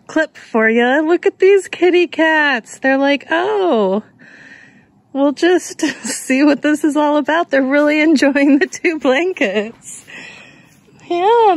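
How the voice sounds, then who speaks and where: Woman vlogger, high voice, unhurried delivery, chatty and easily excited, phone-recorded. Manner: chatty, excitable, laughs often. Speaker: thrift reseller vlogger. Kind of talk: casual shop-with-me vlog. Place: busy thrift outlet store, then at home.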